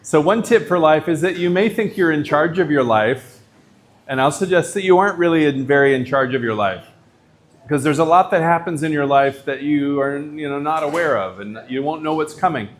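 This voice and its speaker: A middle-aged man, a visiting professor, giving a lecture in a casual, animated storytelling way with lots of filler words. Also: fairly high pitch, fairly quick.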